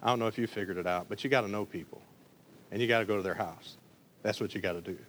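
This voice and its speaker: A man from the Detroit area preaching a lively sermon, acting out voices in his stories. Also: on the low side, fast, slight background noise. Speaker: pastor.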